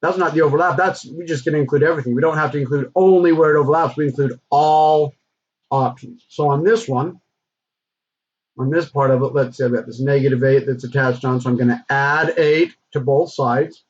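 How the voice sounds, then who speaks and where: A man teaching a recorded math lesson, talking through the steps in a relaxed, conversational way with frequent fillers. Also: fairly high pitch, brisk, a little hiss or hum. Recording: dull lo-fi recording.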